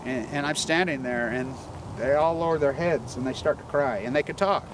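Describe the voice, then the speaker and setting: Outdoors amid vehicle noise, a man with a fairly high voice rants about the environment at a moderate pace. He's an environmental activist, swearing and clearly worked up as he rambles.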